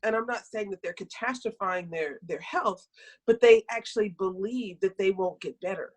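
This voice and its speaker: Husky-voiced middle-aged woman practitioner. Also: medium pitch, normal speed, low-quality recording. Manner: storytelling, animated, self-correcting. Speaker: health practitioner guest. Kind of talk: conversational podcast talk.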